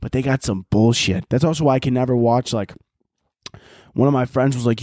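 A man's voice: mid-range voice, brisk, no echo, studio quality. Rambling, cussing podcast host guy. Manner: rambling, profane, animated. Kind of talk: casual comedic rant.

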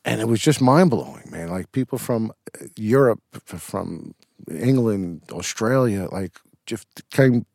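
A man's voice: fairly low pitch, lively intonation, unhurried, gravelly, a little mellow, no echo, studio quality. A middle-aged man, an actor, telling rambling stories with restarts and casual swearing in an interview.

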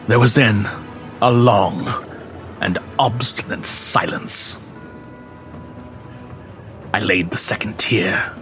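A man giving a slow, theatrical dramatic reading of a classic horror story, dropping into hushed whispers for dread. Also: mid-range voice. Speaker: narrator.

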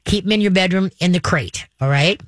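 A woman giving puppy training advice on a radio show, folksy and chatty, checking in with a steady stream of "okay?". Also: fairly low pitch, brisk, no room sound. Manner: folksy, checks in with frequent "okay?", chants the commands.

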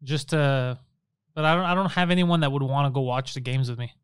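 A man's voice: mid-range voice, a little fast, smooth, no echo, studio quality. A young Canadian man chatting casually on a podcast, a profane, mocking storyteller who acts out the people he quotes. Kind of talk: casual chat.

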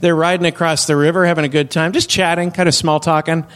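Male podcast host, comedian, slightly high-pitched, rambles and stalls with fillers. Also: little pitch movement, fairly bright tone, clean tone. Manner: rambling, halting storyteller with many uhs.

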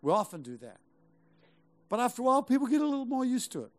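Talking fast in a very high-pitched, sing-song voice, a middle-aged male pastor delivers an emphatic sermon. He drives the congregation on with rhetorical questions and repetition.

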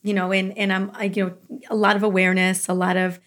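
A woman's voice: medium pitch, flat delivery, fairly quick, a bit bright. A woman hosts an interview conversation. She asks her questions with curiosity, hedging and circling back with casual fillers. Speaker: host.

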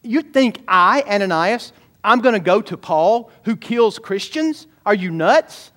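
A man's voice: sits high, lively intonation, measured pace, a bit bright. A man voicing a doubting, incredulous male believer within a sermon.

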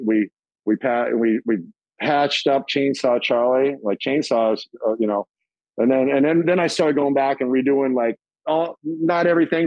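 A middle-aged man telling stories as an interview guest, casual and profane, acting out quoted voices in a higher pitch. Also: no room sound, highs cut off.

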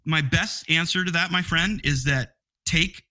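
Excitable man with a bright, lively voice. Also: fairly high pitch, a little slow. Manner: excitable, laughing, repeats words. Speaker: podcast panelist reviewing movies. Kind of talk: casual panel chat.

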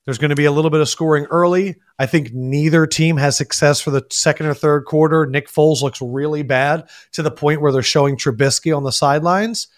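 Animated man hosting a sports podcast, higher voice. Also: fairly quick, hardly any pauses. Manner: animated, rambling storyteller. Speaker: podcast host. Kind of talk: casual sports podcast chat.

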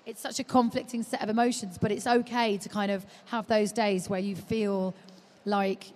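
A woman's voice: mid-range voice, moderate pace. A woman chatting as a podcast guest about motherhood, telling stories animatedly and acting out what people said. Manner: animated storytelling, acting out quotes. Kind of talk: live podcast chat. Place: live stage at a large exhibition hall. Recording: long reverb of a large hall.

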